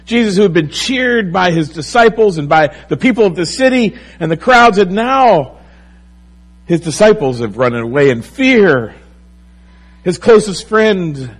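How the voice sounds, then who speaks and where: Pastor, male, husky voice, slow unhurried delivery, sermon with lively swings in emphasis. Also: on the high side, low-quality recording. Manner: animated preaching, rising and falling emphasis.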